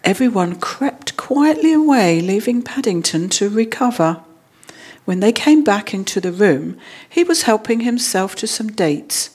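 A woman reading a children's storybook aloud in a measured, expressive way. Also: medium pitch, breathy edge.

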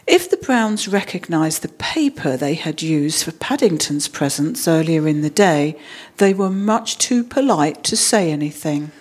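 A woman narrating a children's storybook aloud in an expressive way. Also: low voice, measured pace. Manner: animated, expressive reading. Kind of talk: audiobook storybook reading.

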